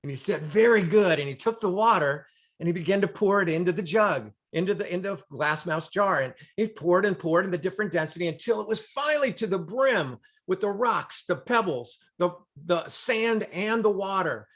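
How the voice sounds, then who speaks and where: A man's voice: high-pitched, lively intonation, moderate pace, a bit bright. A man giving a motivational talk on a group call, telling a story with dramatic, emphatic repetition. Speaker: motivational speaker. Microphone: video call.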